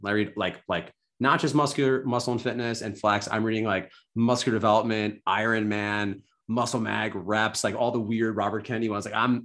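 A man telling his story as a podcast guest, animated and enthusiastic, self-deprecating, full of "like" and "right?". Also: fairly low pitch. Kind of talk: casual storytelling interview.

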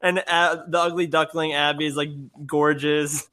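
A man's voice: fairly high pitch, flat delivery, normal speed, sharp tone. A man co-hosting a casual podcast about a film, laughing often and chiming in with short agreeing replies. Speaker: podcast co-host. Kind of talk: casual movie discussion.

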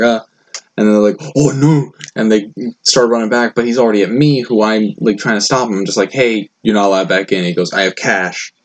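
A man's voice: on the low side, poor audio. A young man co-hosting a casual podcast, telling a rambling story and acting out the people in it. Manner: rambling storyteller, acts out quotes loudly. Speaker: podcast co-host.

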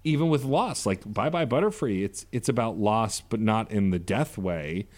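A man's voice: fairly low pitch, animated, normal speed. A man on a casual podcast, talking in thoughtful, rambling stretches full of fillers. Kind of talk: casual chat.

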